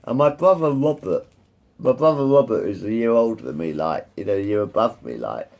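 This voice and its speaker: Gravelly man in his fifties, rambling. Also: fairly low pitch, expressive, brisk, darkish tone. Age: 50s. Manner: repetitive, circles back and swears freely. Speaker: vlogger. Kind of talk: rambling personal storytelling.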